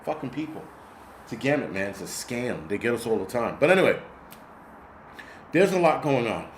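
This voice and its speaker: A man's voice: mid-range voice, very animated, normal speed, slight background noise. A middle-aged man hosting a casual livestream, ranting bluntly with lots of swearing and reading viewer comments. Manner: profane, blunt, rambling rant.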